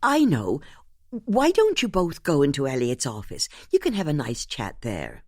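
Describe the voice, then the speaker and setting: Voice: mid-range voice, wildly swooping pitch, unhurried, no room sound, clean studio sound, heavily acted. A narrator voicing a friendly, chatty Irish woman receptionist in her fifties, talking in a conspiratorial way. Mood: helpful. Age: 50s.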